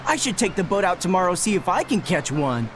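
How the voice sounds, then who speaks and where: An actor voicing an excitable fisherman villager in a video game. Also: medium pitch, fairly quick, over music, lightly acted. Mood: animated.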